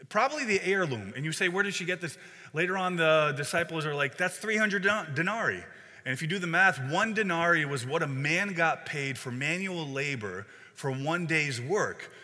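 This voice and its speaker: A man's voice: fairly high pitch, sharp tone. A man preaching a sermon as pastor, conversational, with frequent fillers and restarts. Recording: long hall reverb.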